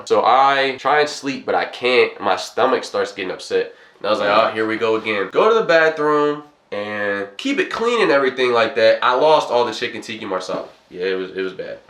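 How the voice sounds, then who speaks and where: A man's voice: lowish voice, reverberant. Young man telling a rambling story. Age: young adult. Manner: rambling, animated retelling with quoted dialogue. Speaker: college vlogger. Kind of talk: casual storytime.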